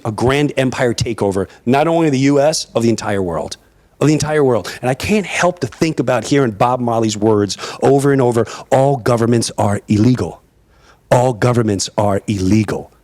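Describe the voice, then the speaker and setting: A man from Long Island, delivering an impassioned, emphatic monologue that repeats its points. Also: medium pitch. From Long Island, New York. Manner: animated, emphatic, repeats phrases.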